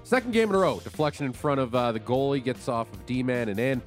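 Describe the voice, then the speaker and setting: A man's voice: mid-range voice, animated, fast talker, soft background music. Radio host man recapping hockey. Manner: conversational, filler-heavy, recapping plays. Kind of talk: casual sports talk recap.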